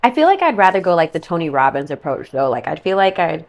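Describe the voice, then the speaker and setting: A woman's voice: lowish voice, sing-song, quick pace. A woman giving a casual monthly tarot forecast, chatty and rambling, full of "like" and "okay" asides. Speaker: tarot reader.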